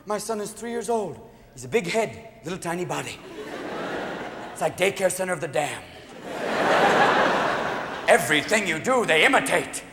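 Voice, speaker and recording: A man performing a manic stand-up comedy routine, jumping between shouts and put-on voices, recorded live in a large theater. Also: high voice, expressive, normal speed, long pauses. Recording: live show in a big hall with a crowd. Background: audience laughter and crowd noise.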